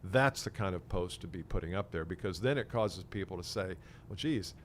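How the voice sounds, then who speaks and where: A man's voice: deep voice, brisk, slight background noise. A man co-hosting a conversational podcast as a sales consultant, thinking aloud and acting out what imagined clients would say. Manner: reflective, makes points by acting out imagined clients.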